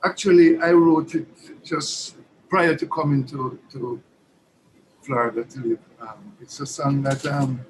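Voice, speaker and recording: In a rough recording with a bit of background noise, a Jamaican man sings with an acoustic guitar and talks between songs as a guest, soft-spoken and halting, full of fillers. He has a fairly high, fairly even voice and speaks a little slowly.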